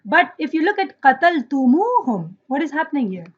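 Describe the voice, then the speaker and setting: A woman's voice: sits high, very animated, fast talker. A woman teaching an online Arabic grammar class, asking students questions, praising their answers and reciting Quranic verses. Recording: dull lo-fi audio.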